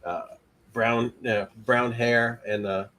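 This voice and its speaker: A man narrating as game master, halting and filling his speech with ums and likes. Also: medium pitch, flat delivery, fairly bright tone. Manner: halting, full of fillers.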